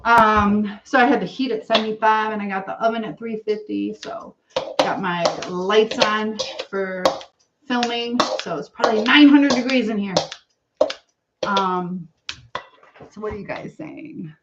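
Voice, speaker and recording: A woman's voice: mid-range voice, measured pace, highs cut off, very noisy. A woman hosting a cooking livestream in her home kitchen, chatting casually and rambling to viewers while she cooks. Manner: chatty, rambling, greets viewers, laughs often.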